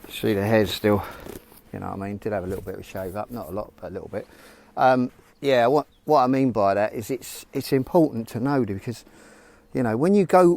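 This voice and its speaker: A man's voice: medium pitch, darkish tone. A man vlogging a casual motivational talk, rambling and informal as he speaks straight to his viewers. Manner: rambling, informal, frank, addresses viewers directly. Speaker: self-help vlogger.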